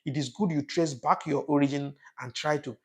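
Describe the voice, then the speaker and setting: A man from Africa hosts a casual livestream, reading viewer comments aloud and speaking with emotion. His voice is on the high side and a little mellow, with fairly even intonation and a moderate pace, and he often repeats and restarts his phrases.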